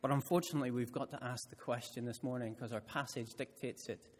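A man preaching a sermon who tells stories with expression and slows right down to stress key words. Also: medium pitch. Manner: expressive storytelling delivery, slowing down for emphasis. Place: church hall. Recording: church hall with long reverb.

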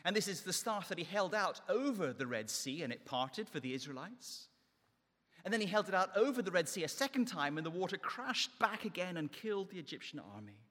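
Male preacher, slightly high voice, emphatic rise-and-fall sermon delivery, long church reverb. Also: sing-song, brisk, a bit bright. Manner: emphatic, rising and falling delivery.

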